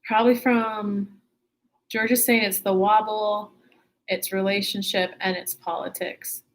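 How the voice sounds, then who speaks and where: A woman's voice: mid-range voice, level tone, unhurried. A woman hosting a casual spiritual livestream, chatty and upbeat, talking to viewers from her computer. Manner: chatty, upbeat, with laughs and self-corrections.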